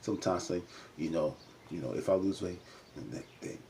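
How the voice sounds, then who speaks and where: A man talking through a reality show episode in casual recap commentary, with a fairly low voice. His tone is mellow and warm rather than bright. He chats loosely with lots of fillers and keeps jumping up in pitch to act out the cast's lines. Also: normal speed, vocal fry, a little hiss or hum. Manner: chatty, many "you know" fillers, jumps up in pitch to act out quotes.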